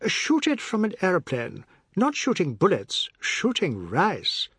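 A man's voice: high-pitched, huge pitch swings, unhurried, a bit bright, breathy edge, no echo, studio quality, voice pushed up, full character voice. A man reading a novel aloud, voicing a boastful, self-assured man who lectures a family about Russia. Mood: lecturing. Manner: grand, self-assured speechifying.

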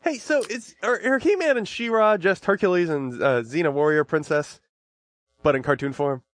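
A man co-hosting a podcast in casual chat, joking and animated. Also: high-pitched, moderate pace, no echo. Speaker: podcast co-host.

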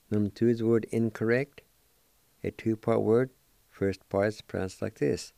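A man hosting a radio language lesson, spelling out words letter by letter and repeating each one slowly for listeners to practice. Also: lowish voice, fairly even intonation, vocal fry, warm tone, dry recording. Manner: slow, careful spelling out of letters and syllables; repeats each word several times for practice.

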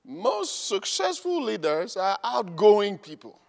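A man preaching a sermon as the pastor, swinging between shouting and low, quiet remarks. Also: huge pitch swings, slow pace, vocal fry. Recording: long reverb of a large hall.

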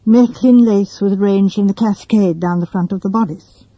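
A woman narrating a classic story in a measured, deliberate reading. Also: mid-range voice, dark tone, breathy edge, no room sound, rough recording.

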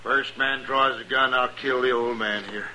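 An actor playing a threatening outlaw with a low drawl in a 1950s radio western. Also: male voice, fairly even intonation, normal speed, pushed and bright, a little hiss or hum, poor audio. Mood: menacing. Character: menacing outlaw holding hostages.

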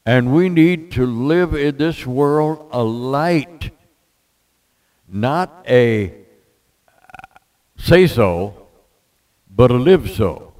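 A man's voice: medium pitch, animated, extremely slow, long pauses, darkish tone, rough recording. An older man preaching a folksy sermon to his church, quoting scripture and telling jokes. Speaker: pastor.

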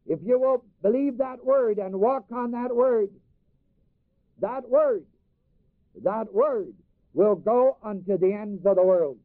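A man's voice: sits high, slow pace, no echo. A man preaching a sermon, reading scripture in old-fashioned wording, repeating phrases for emphasis and having the congregation finish his lines. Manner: reads scripture in old King James wording, then explains it to the congregation. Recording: dry, phone-like recording.

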